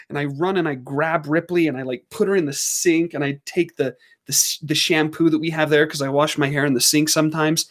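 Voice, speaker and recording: A man hosting a livestream, telling a casual story at home in an animated way, laughing and doing squeaky voices for his dogs. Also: normal speed. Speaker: livestream host.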